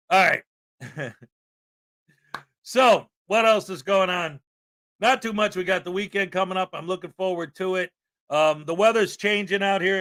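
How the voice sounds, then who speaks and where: A man from the American Midwest hosting a live stream in casual chat, boisterous and given to loud hype shouts and laughter. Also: high-pitched. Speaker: livestream host. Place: house in Florida.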